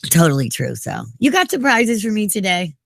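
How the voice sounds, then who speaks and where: A woman's voice: mid-range voice, big pitch swings, moderate pace, vocal fry, no room sound, studio quality. Opinionated woman talk radio co-host. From New York. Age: 40s. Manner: opinionated, emphatic, sprinkled with "you know". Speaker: radio morning show co-host. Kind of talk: casual talk radio chat. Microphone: studio mic.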